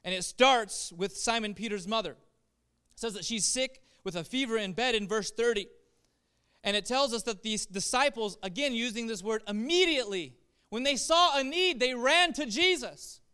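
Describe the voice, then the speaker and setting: High, bright-voiced man preaching a sermon. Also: normal speed, smooth. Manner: preaching with rising emphasis, repeated phrases, rhetorical questions. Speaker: pastor.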